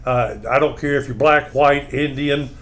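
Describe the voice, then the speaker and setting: A man's voice: medium pitch, fairly even intonation, moderate pace, a bit bright. A man hosting a radio morning show, reminiscing in casual chat. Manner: reminiscing, rambling with restarts.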